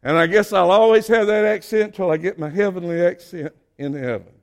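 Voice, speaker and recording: High-voiced Southern preacher from Georgia. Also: male voice, brisk. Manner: emphatic preaching, swings between quiet asides and loud exhortation. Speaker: pastor. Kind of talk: sermon.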